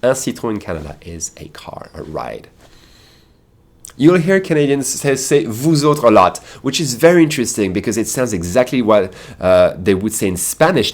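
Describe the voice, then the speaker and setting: Chatty French man teaching, lowish voice. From France. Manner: chatty, explaining with many fillers and asides. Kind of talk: casual video lesson.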